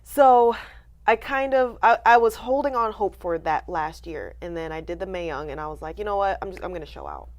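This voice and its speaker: A wrestler in her late twenties, appearing as an interview guest, tells her story candidly and animatedly, acting out the voices of people who spoke to her and laughing often. Her voice is on the low side and she talks briskly.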